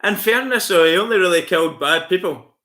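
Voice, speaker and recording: A man's voice: high voice, lively intonation, brisk, pushed and bright. A man hosting a casual live stream, chatty and rambling with lots of fillers. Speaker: livestream host.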